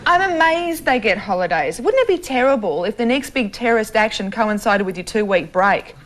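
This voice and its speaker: A woman's voice: fairly high pitch, lively intonation, a little fast. A woman presenting a satirical news segment in a mock-serious tone.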